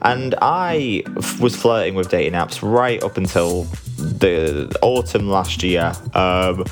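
A man with a very low voice chats through a solo podcast episode from home at night. He sounds sleepy and relaxed, rambling and candid, with soft music faintly underneath. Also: slow. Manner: rambling, candid, swears casually. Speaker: podcast host. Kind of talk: casual solo podcast chat.

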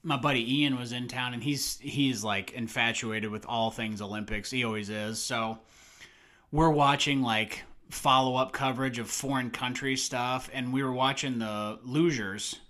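A man's voice: medium pitch, unhurried. A man co-hosting a casual movie podcast, telling stories with lots of laughter and acted-out quotes. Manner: animated storytelling, laughs often, acts out quotes. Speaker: podcast co-host.

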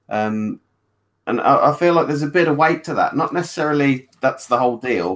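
A man with a mid-range voice talks on a podcast in a thoughtful, hesitant way. He often restarts and repeats words while he works out his point. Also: mid-range voice. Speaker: podcast co-host. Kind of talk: casual podcast discussion.

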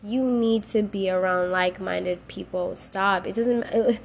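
A woman's voice: mid-range voice, fairly even intonation, a little slow, gravelly, slight background noise. A woman hosting a faith podcast, speaking casually and emotionally, tearful at times, slipping into slang and prayer. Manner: emotional, rising to cries and laughs, casual slang. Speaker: podcast host.

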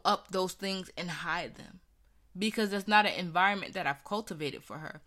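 Bright-voiced woman telling her story. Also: on the low side, normal speed. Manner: earnest, conversational, acts out quoted voices. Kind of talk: candid personal storytelling.

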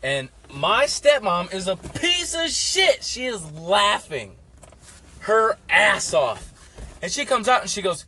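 Bright-voiced profane young man rambling. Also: high-pitched, big pitch swings, measured pace, husky. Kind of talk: casual storytelling chat. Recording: faint background noise.

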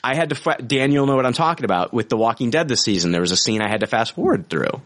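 A man co-hosting a casual review podcast, talking with enthusiasm. He rambles, restarting his sentences and filling gaps with "like". His voice sits at an ordinary middle pitch for a man. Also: lively intonation, fast talker, a bit bright. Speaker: podcast co-host.

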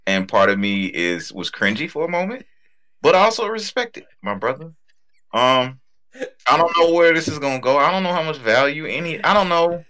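Male podcast co-host, forceful bright voice, rambling and crude, big on shout-outs. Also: fairly high pitch, big pitch swings, moderate pace. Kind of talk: casual podcast chat.

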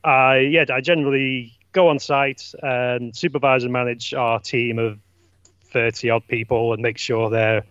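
A man's voice: mid-range voice, flat delivery, measured pace, fairly bright tone, clean tone, no echo, lo-fi sound. A man chatting as a guest on a podcast, jokey and self-mocking. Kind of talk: casual podcast chat.

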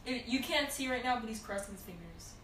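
A woman's voice: fairly high pitch, lively intonation, fairly quick, a bit bright. A woman chiming in with short questions during a casual chat. Her voice comes through with a roomy echo, away from the mic. Faint noise sits behind her. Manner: brief questioning interjections.

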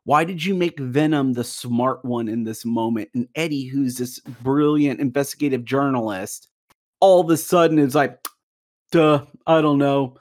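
A man's voice: mid-range voice, normal speed, a little mellow. A man in a casual movie discussion, talking animatedly and acting out lines in quoted voices.

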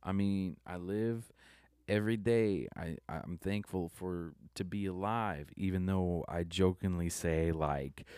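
A man's voice: low-pitched, unhurried, darkish tone, smooth, no echo, studio quality. A young adult man giving a subdued, rambling confessional monologue that halts and restarts often. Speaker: vlogger.

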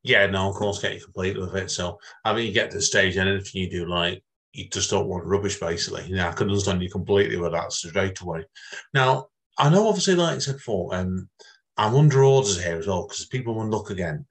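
A man's voice: low-pitched, fast talker, fairly bright tone. A man hosting an interview, asking long, rambling questions that repeat themselves. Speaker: podcast host.

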